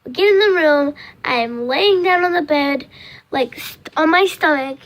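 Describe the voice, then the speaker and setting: A woman's voice: high voice, moderate pace. A teenage girl telling a storytime vlog casually, rambling with lots of fillers and acting out her own cries. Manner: rambling, lots of "like" and "next thing you know"; acts out her own cries and quoted lines. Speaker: vlogger.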